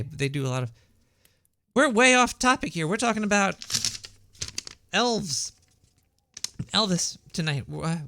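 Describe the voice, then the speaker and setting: A man voicing a paranoid cartoon rat host with a shrill voice and a Brooklyn accent, rambling conspiratorially with many stumbling restarts. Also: vocal fry, a bit bright, dry recording, studio quality. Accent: Brooklyn New York. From Brooklyn, New York. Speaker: podcast host. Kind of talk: rambling comedic monologue. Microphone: home setup.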